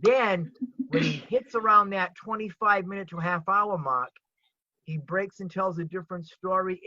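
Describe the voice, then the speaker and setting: Animated older Rhode Island man, bright voice. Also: fairly high pitch, no echo. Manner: animated, emphatic storyteller. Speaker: comedian guest. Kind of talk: casual chat on a video call. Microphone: video call. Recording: dull lo-fi call audio.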